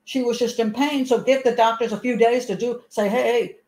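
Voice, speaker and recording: A woman's voice: a little high, steady tone, brisk, darkish tone. A woman hosting a show, giving casual commentary and telling a rambling, chatty personal story full of restarts. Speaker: host and commentator. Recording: echoey room.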